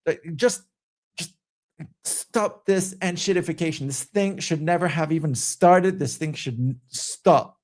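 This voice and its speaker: A man's voice: high voice, a little slow, darkish tone. A man hosting a casual commentary stream, ranting in a rambling, exasperated way with many fillers. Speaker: stream host.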